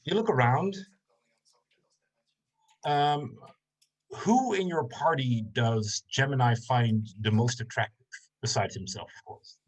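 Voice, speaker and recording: A man narrating a tabletop game as game master, in slow, halting narration with many fillers. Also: medium pitch.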